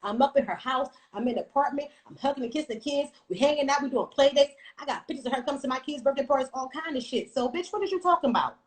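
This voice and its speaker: A woman in her thirties telling a personal story on a casual livestream, blunt and profane, with animated storytelling. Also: sits high, fast talker, hardly any pauses, rough recording. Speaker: livestream host.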